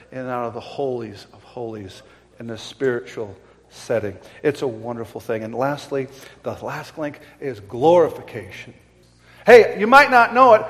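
A man's voice: medium pitch, big-room sound. A man preaching a sermon, telling stories with animation and repeating points for emphasis. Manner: animated storytelling, emphatic repetition. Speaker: pastor.

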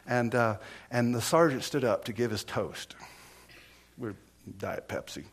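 Impassioned male preacher, hushed to booming. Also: a little slow, husky. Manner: swings from hushed near-whispers to loud impassioned preaching; storytelling with repetitions and restarts. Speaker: pastor. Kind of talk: sermon.

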